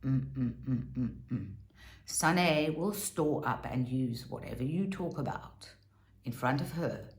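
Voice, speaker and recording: A woman's voice: low voice, bright, forceful tone, reverberant. A woman giving a casual, sarcastic and theatrical review of a reality TV show.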